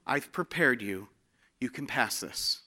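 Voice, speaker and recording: A man softly voicing a gentle divine voice. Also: mid-range voice, animated, slow pace, voice pushed down, heavily acted. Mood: reassuring. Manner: soft and hushed. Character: gentle, reassuring voice of God.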